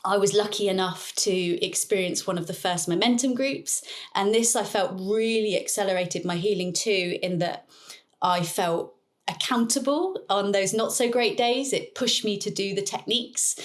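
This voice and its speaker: A woman guest in an interview, telling her personal story in an earnest, reflective way with soft laughs now and then. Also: mid-range voice, normal speed. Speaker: interview guest, neuroplasticity coach.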